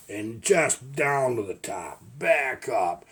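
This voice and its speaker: A man's voice: mid-range voice, expressive, takes it slowly, hardly any pauses, slightly rough. An older man, a logger turned video maker, telling rambling folksy stories in a casual vlog. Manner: rambling folksy storytelling with restarts. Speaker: retired logger vlogger.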